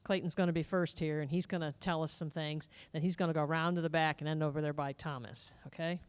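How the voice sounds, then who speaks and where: A woman's voice: low voice, fairly even intonation, quick pace, smooth. A woman emceeing a live state fair event on a corded handheld mic, folksy and enthusiastic. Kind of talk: live stage hosting. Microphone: corded handheld microphone.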